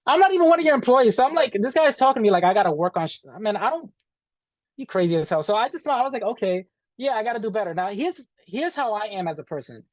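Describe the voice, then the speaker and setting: A man's voice: high voice, fast, no echo. Profane man retelling a story, dry sound. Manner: animated, profane, acts out quoted dialogue, says "bro". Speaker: interview guest. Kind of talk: casual storytelling.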